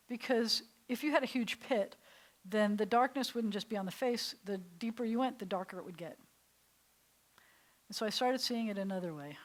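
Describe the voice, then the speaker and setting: A woman's voice: mid-range voice, poor audio. Woman rabbi teaching a Hebrew class. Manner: warm, playful, savors words, drops to a soft whisper for effect. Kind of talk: adult class lesson.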